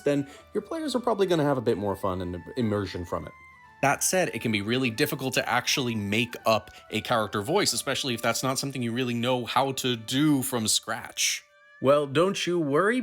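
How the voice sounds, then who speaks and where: A man giving advice to game masters in a lively, joking way, talking straight to the viewer. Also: medium pitch. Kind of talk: advice video talk.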